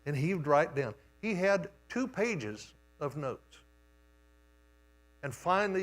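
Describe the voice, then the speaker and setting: An older man with a high voice preaches slowly and animatedly as a guest in a church sanctuary. His sermon unfolds as unhurried, homespun storytelling punctuated by pauses.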